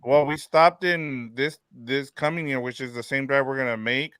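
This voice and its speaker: Easygoing man with a smooth voice. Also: mid-range voice, moderate pace, fairly bright tone, no echo, clean studio sound. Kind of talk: casual podcast chat.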